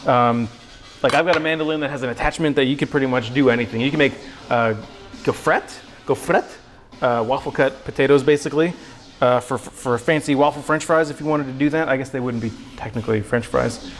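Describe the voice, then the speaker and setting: A man's voice: medium pitch, quick pace, soft background music, poor audio. A man hosting a cooking livestream from his home kitchen, chatting to viewers in an upbeat, slangy, self-deprecating way. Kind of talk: casual livestream chat while cooking.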